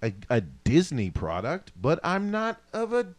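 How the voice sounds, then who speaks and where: Animated, lively-voiced man ranting casually. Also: on the high side, a little slow, no echo. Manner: animated, swearing, self-mocking rants. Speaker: podcast co-host. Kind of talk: casual chat.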